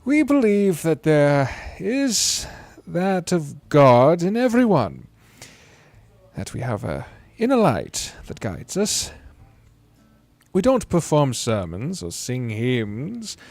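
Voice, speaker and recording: A man voicing a gentle older Quaker man who speaks in a slow, comforting drawl. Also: mid-range voice, lively intonation, no echo, soft background music, lightly acted. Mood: calm, earnest.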